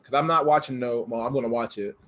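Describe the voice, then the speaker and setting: A man's voice: mid-range voice, quick pace, a bit bright. A man co-hosting a podcast, chatting casually and joking, often restarting his sentences. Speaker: podcast co-host. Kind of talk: casual chat.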